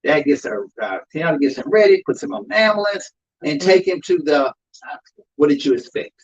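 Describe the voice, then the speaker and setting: A man's voice: fairly high pitch, a little fast, slightly rough. A man speaking as an undertaker, telling stories about grief to an audience in an emphatic, preaching style. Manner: animated, emphatic storytelling, addresses crowd as y'all. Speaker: undertaker giving a talk on grief. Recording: dull lo-fi live recording.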